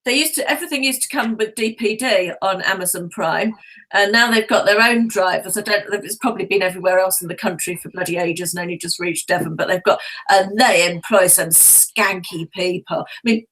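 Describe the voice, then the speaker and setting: A woman's voice: mid-range voice, fairly quick, fairly bright tone, low-quality recording. Blunt, gossipy woman in casual chat. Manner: frank, gossipy, blunt opinions. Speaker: co-host of live chat. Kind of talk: casual live-stream chat.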